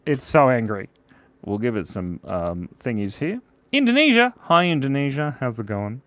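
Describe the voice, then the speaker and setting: A man's voice: fairly low pitch, expressive, moderate pace, dry recording. Playful man chatting while drawing live. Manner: playful, chatty, reads out viewer comments, often drops to a mumble while drawing. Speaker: livestream drawing host. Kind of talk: live drawing stream chat.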